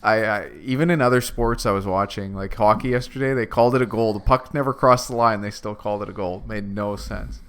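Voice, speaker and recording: Smooth low-voiced man reading chat. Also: brisk, hardly any pauses. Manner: relaxed, reads viewer chat aloud. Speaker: co-host. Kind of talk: casual sports watch-along chat.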